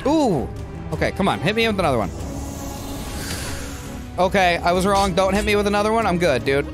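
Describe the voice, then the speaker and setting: Excitable gameplay streamer, wide-swinging pitch. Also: fairly quick, music in the background. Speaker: gameplay channel host. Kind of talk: casual gameplay commentary.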